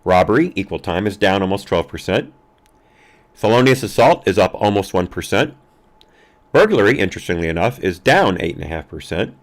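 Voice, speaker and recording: A man's voice: low voice, big pitch swings. A man hosting a live-streamed news commentary show, talking casually with frequent fillers and restarts. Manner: halting, many fillers and restarts.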